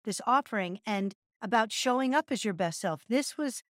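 A woman's voice: fairly high pitch, lively intonation, normal speed, no echo, clean studio sound. A middle-aged woman co-hosting a podcast, talking casually and earnestly as she teaches a chanted breathing practice and laughs at herself. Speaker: podcast co-host and yoga teacher. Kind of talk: casual chat.

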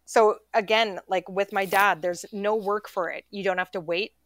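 A woman's voice: medium pitch, steady tone, normal speed, fairly bright tone, no room sound. A middle-aged woman chatting casually as a podcast host, full of fillers and little acted-out quotes. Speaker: podcast host talking dog training. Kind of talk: casual chat.

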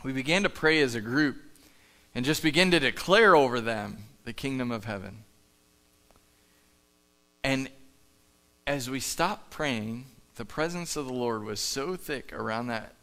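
A man's voice: medium pitch, expressive, unhurried, long pauses, sharp tone. A man preaching a sermon in a church, telling a story in a conversational, earnest way and acting out the dialogue. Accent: Midwestern American. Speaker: pastor. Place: church sanctuary. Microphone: live stage mic.

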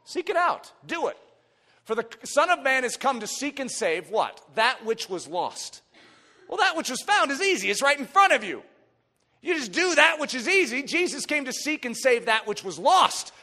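A man preaching a sermon with emphatic swings from soft to shouted lines, reading scripture in old-fashioned wording. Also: very high voice, sing-song, moderate pace. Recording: long hall reverb.

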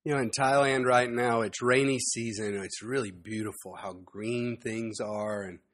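A man giving a sermon, telling stories in a relaxed conversational way with frequent asides to the listeners. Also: medium pitch, normal speed. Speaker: preacher.

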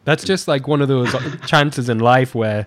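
A man's voice: mid-range voice, a little slow. A man hosting a podcast, chatty and self-deprecating in casual conversation. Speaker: podcast host.

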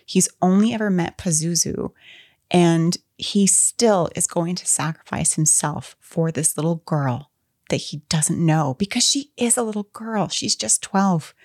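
A woman with a low voice talks in a casual, gushing way, openly emotional as she discusses a film she loves. Her voice is recorded dry and close, with little room sound. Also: unhurried, a little mellow, dry recording. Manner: enthusiastic, gushing, openly emotional fan talk. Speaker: podcast co-host.

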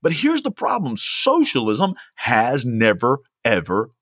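A man's voice: medium pitch, huge pitch swings, a little slow, fairly bright tone, husky, no room sound, studio quality. Young guy pastor preaching, punchy and repeats himself, voice jumps around a lot. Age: young adult. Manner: emphatic, repeats phrases for stress. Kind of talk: sermon.

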